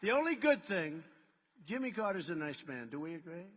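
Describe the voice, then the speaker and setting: A man delivering a rally speech from a stage microphone, his voice set fairly high for a man. He piles boast on boast in repeated superlatives, drifting into rambling asides. His words ring out with a long reverb through a large hall. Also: sing-song, fairly quick, a bit bright. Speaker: political candidate.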